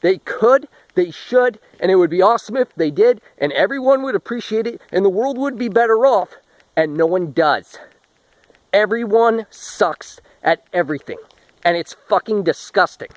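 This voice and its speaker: A man's voice: high-pitched, lively intonation, normal speed, no echo, low-quality recording. A man ranting with profanity and contempt, a little out of breath. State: a bit out of breath. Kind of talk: ranting monologue to camera.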